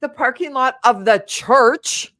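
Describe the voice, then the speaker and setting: Podcast guest: middle-aged woman, slightly high voice, animated anecdote teller. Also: slow pace. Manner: animated, acts out quotes with big pitch jumps. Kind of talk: casual storytelling.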